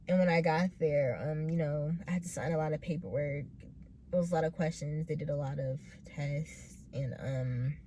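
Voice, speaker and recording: A young woman in her late teens telling her own story in a vlog, hesitant and full of pauses, earnest and close to tears. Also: low-pitched, a little hiss or hum. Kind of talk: personal storytelling.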